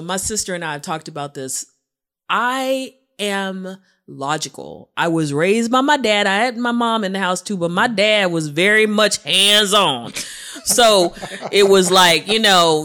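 Middle-aged woman, candid, animated storyteller, casual chat, mid-pitched voice. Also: unhurried. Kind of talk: casual conversation.

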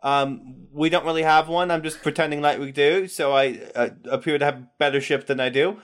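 A man voicing a whiny, injured male ship captain who stammers and flusters in a high voice. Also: fairly even intonation, a little fast, lightly acted. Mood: nervous.

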